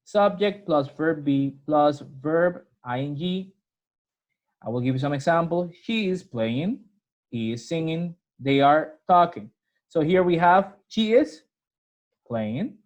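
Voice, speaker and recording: Slow, patient English teacher. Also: mid-range voice, darkish tone. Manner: patient, repeats points, checks in with "right?" and "okay?". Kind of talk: recorded grammar lesson.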